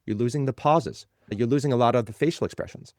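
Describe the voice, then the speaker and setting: A man's voice: mid-range voice, fast talker, a little mellow, dry recording, clean studio sound. A man being interviewed as a legal tech guest, explaining ideas in a conversational way and building points by repeating phrases.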